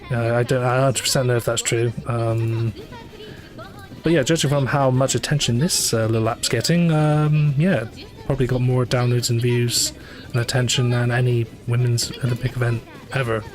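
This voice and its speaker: A man's voice: mid-range voice, steady tone, normal speed. Rambling casual male game streamer. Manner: rambling, many fillers and self-corrections, dry asides. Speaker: livestreamer playing a gacha game. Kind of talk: casual live commentary. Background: faint game music.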